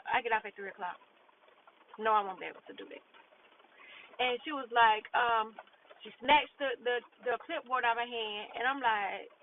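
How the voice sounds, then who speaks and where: A woman telling a work story in a blunt, profane, frustrated casual rant, acting out what others said. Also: fairly high pitch. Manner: blunt, profane, frustrated, retelling with quoted dialogue. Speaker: vlogger. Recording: tinny phone-like audio with faint noise.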